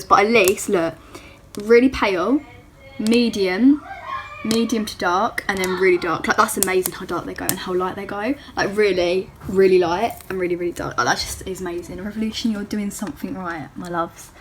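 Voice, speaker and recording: A woman's voice: mid-range voice, a little hiss or hum. A teenage girl, chatting casually in a beauty vlog at home, rambling and joking at herself. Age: teens. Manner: chatty, rambling, self-mocking. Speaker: beauty vlogger.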